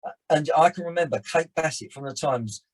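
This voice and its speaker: A man, an actor and director telling stories in a rambling, animated way as a podcast guest. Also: on the high side, fairly quick, poor audio. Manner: animated storyteller, rambling restarts. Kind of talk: casual chat.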